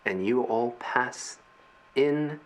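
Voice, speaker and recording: A man running a tabletop game as game master, narrating scenes in a slow, measured way with pauses. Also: medium pitch.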